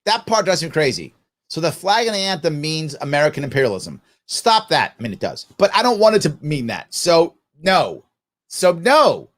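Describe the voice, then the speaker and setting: A middle-aged man hosts a live political commentary show with a high, very lively voice that climbs and dips constantly. He argues his case in a back-and-forth manner, throwing rhetorical questions at his audience and slipping into quick impressions of other people. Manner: animated, argumentative, peppered with rhetorical questions; acts out quoted voices mid-rant. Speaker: host.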